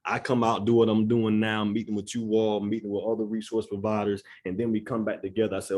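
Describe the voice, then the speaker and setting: A man's voice: lowish voice, level tone, quick pace, hardly any pauses, dark tone. A man giving an earnest, conversational community presentation in a church room, often checking in with "right?". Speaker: executive director of a neighborhood nonprofit.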